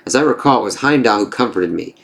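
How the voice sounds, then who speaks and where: A man's voice: on the low side, lively intonation, quick pace, creaky, fairly bright tone. A man reading as a mocking, bitter enchantress. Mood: scornful. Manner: sarcastic and scornful.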